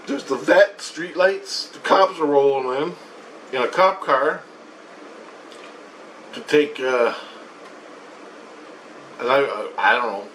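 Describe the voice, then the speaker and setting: A man's voice: medium pitch, animated, slow pace, long pauses, fairly bright tone, recorded from a distance, slight background noise, low-quality recording. A man telling a story about his spiritual experiences in a rambling, profane way. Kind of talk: casual storytelling monologue.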